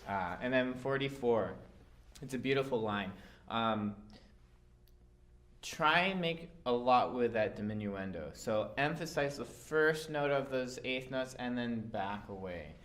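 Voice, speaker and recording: A man teaching a violin part, calm and patient, with frequent fillers as he explains. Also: mid-range voice, unhurried. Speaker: orchestra teacher. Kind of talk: instructional walkthrough.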